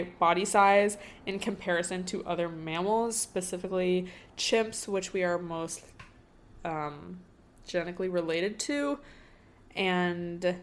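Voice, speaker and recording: A woman's voice: on the low side, a little hiss or hum. A young woman hosting a casual solo podcast, thinking aloud in a rambling way with lots of fillers. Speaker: podcast host.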